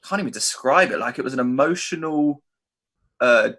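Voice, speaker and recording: A man's voice: mid-range voice, animated, moderate pace, a bit bright. A young man, co-hosting a casual podcast, telling school stories with laughs and casual swearing. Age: young adult. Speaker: podcast co-host. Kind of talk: casual chat.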